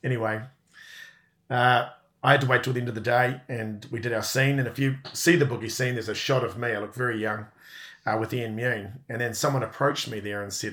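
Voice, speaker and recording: A man in his fifties with a New Zealand accent telling stories as a podcast guest, chuckling and self-deprecating and often clearing his throat. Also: mid-range voice, fairly even intonation, a little fast, a bit bright. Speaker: guest actor. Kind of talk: relaxed anecdotal storytelling.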